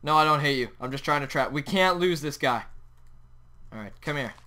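Excitable young man narrating a game. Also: fairly high pitch, a little fast. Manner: excitable, yelps and shouts at the game. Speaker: gaming channel host. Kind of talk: Minecraft let's play commentary.

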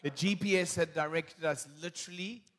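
A man's voice: a little high, a little fast. A pastor and father adding context to a story in a church talk, explaining with restarts.

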